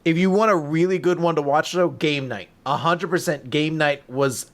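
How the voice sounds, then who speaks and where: A young man co-hosting a podcast in casual chat, telling stories with lively, acted-out bursts. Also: a little high, moderate pace. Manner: animated storyteller, acts out scenes in loud bursts. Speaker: podcast co-host.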